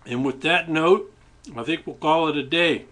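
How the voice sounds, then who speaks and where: A man's voice: a little high, normal speed, a bit bright. A man hosting his own webcam show, musing in a casual, rambling way while eating, with many restarts. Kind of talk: casual reflective webcam monologue. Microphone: webcam microphone.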